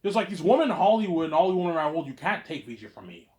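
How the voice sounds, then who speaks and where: Very animated and racing, a vlogger with a fairly high voice rambles through a monologue for his audience. He's boastful and repetitive, sticks "obviously" onto his lines, and drops from loud claims into mumbled asides.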